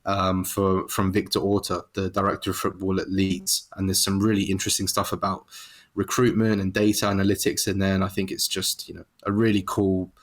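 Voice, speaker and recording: A male podcast guest in casual, hesitant chat, his voice very low and flat, with little rise and fall. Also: fairly quick. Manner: hesitant, many fillers and restarts.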